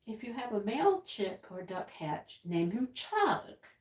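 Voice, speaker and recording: A woman's voice: mid-range voice, very animated, unhurried, a little mellow, echoey room. A woman hosting a casual livestream, chatting and rambling as she reads the chat aloud, often laughing. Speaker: livestream host.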